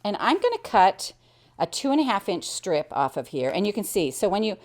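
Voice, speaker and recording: A woman's voice: medium pitch, very animated, fairly quick. A middle-aged American woman teaching quilting, chatting cheerfully as she explains each step while she cuts and sews. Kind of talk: hands-on sewing tutorial.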